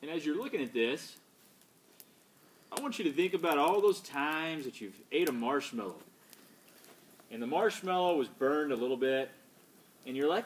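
A man's voice: a little high, expressive, moderate pace, long pauses, a little hiss or hum. A tired man hosting a casual vlog outdoors by a fire at night. He jokes and rambles as he talks. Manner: joking, rambling. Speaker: vlogger host.

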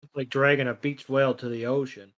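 A man's voice: medium pitch, flat delivery, fairly quick, a bit bright. A man co-hosting a podcast, casually recapping an episode with sardonic comments and free swearing. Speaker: podcast co-host.

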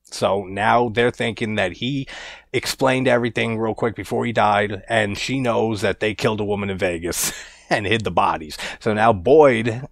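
A man's voice: fairly low pitch, normal speed, creaky, no echo. A man casually reviewing a horror movie, laid-back and chuckling as he recounts scenes.

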